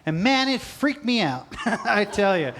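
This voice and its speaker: A man's voice: high voice, sing-song, measured pace, slight background noise. A man doing a stand-up comedy set on a live stage, self-deprecating and switching between mock solemnity and bursts of energy. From not from Utah, moved there. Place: live stage before a large audience. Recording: live show with loud crowd laughter.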